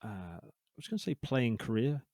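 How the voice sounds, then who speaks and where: A man's voice: mid-range voice, expressive, brisk, a little mellow, no echo. A man hosting a podcast interview, asking questions hesitantly with many fillers and restarts. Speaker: podcast host.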